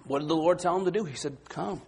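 Husky-voiced man preaching a sermon. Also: rapid-fire. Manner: dynamic, swings from quiet to loud and high when acting out the disciples.

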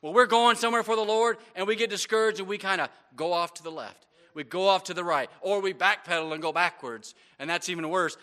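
A man's voice: high-pitched, a little fast, hardly any pauses, bright, forceful tone. A man preaching a sermon as pastor, with frequent amens and repeated stumbles on words.

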